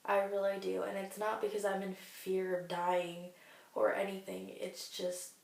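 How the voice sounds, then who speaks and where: Young woman in her twenties, heartfelt diary vlogger, gravelly fry in a flat voice, recorded in an echoey room from a distance. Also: mid-range voice, unhurried. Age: 20s. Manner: earnest, heartfelt, faith-filled. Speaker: vlogger sharing a cancer diary. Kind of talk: personal video diary.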